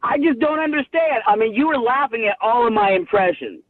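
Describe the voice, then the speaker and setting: A man's voice: very high voice, lively intonation, brisk. A man calling into a radio show, insistent and doing bad celebrity impressions over the phone. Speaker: caller on a radio prank segment. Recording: tinny phone line with studio crowd.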